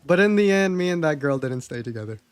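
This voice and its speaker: A young man talks to his stream from a desk mic at home, chatty and candid and cursing freely as he tells stories. His voice sits a bit high for a man. The sound is close and dry, with no room echo. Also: animated, quick pace. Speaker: livestreamer. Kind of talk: casual storytelling to a live chat.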